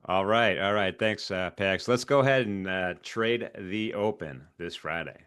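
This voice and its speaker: A man's voice: low voice, a little slow, fairly bright tone, smooth. A man hosting a live trading stream, chatty and upbeat, urging viewers to like the video and thanking guests. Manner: upbeat, hypes viewers, frequent fillers. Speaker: host. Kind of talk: casual live-stream chat.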